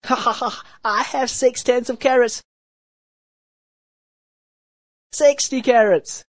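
Woman as a giddy storybook brother: high-pitched, bright, slow, gleeful counting. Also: lively intonation, no echo. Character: cheerful laughing young male carrot-counting brother.

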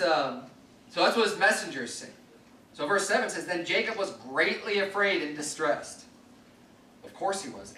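Pastor guy preaching, reads the bible then explains it, pretty high voice, echoey church, mic kinda far off. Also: bright, forceful tone. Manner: earnest preaching mixed with scripture reading. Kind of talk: sermon. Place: church sanctuary.

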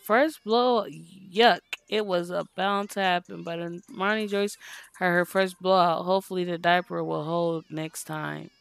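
A woman hosting her gaming channel, giving casual commentary in an exasperated, expressive, scolding way. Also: on the low side, unhurried, gravelly, clear, resonant tone, dry recording.

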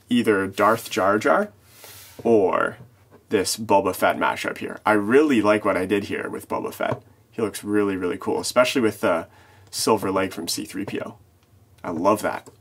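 Male toy vlog host, easygoing, low voice, husky, casual showcase. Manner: easygoing, chuckling between remarks.

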